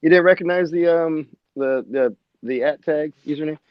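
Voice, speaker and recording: Man, casual chat, slightly high voice, dull lo-fi sound, rambling. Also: normal speed, no echo. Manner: chatty, rambling, fillers and restarts. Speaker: group audio chat participant. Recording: slightly muffled lo-fi line.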